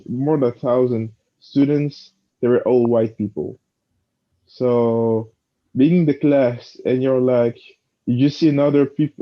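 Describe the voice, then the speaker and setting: A man from Belgium in a casual chat, telling a story in a halting way with many fillers. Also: mid-range voice. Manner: halting, full of fillers, laughs easily. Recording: dull lo-fi sound.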